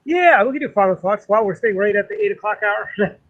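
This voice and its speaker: Brisk and animated, a man with a high voice rambles indignantly through political talk-show chat, leaning heavily on fillers in long runs. The audio is dull.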